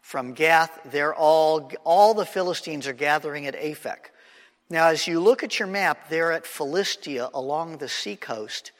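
A man's voice: fairly high pitch, a little slow, a bit bright. A man teaching a Bible class conversationally, often checking in with his listeners. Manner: checks in with the class, frequent "right?". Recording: long reverb of a hall.

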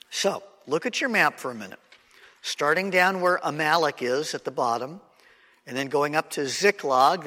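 A man leads a Bible class in an easy, conversational way, often checking that his listeners are following along. His voice sits a bit higher than most men's. It carries a long reverb from a large hall. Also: pushed and bright. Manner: checks in with the class, frequent "right?". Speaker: Bible teacher.

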